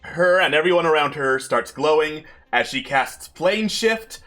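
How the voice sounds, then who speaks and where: A man narrating as game master in a tabletop game, lively and playful. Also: fairly high pitch, unhurried, soft background music.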